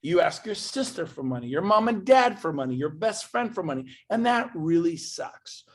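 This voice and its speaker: A man speaking to an event audience as a motivational speaker, emphatic and swinging from loud bursts to quiet asides. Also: on the high side, sing-song, normal speed.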